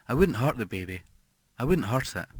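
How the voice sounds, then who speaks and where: Man, audiobook horror narration, brooding and hushed, mid-pitched voice, dry close sound. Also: sing-song, fairly quick, slightly rough, no echo. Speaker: audiobook reader.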